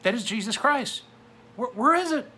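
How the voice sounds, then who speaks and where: Man doing a fed-up God, scolding, high strained voice, forceful. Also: expressive, normal speed, exaggerated voice. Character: exasperated God, weary male deity.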